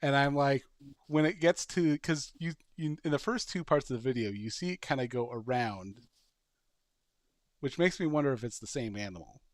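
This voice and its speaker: A man's voice: medium pitch, expressive, normal speed, no echo, studio quality. A man on a podcast, chatting casually and telling a long, rambling story, acting it out with barking sound effects. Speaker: podcast co-host. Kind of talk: casual chat.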